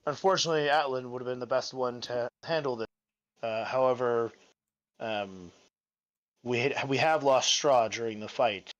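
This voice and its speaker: A man speaking in character as a tabletop player, hesitant and soft-spoken with many fillers. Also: mid-range voice, normal speed, highs cut off. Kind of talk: casual in-character speech at a game table.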